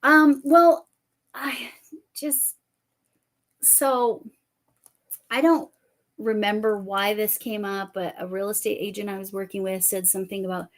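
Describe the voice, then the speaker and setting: A woman's voice: mid-range voice, a little slow, long pauses. A woman hosting a casual live stream, chatting and rambling with many fillers.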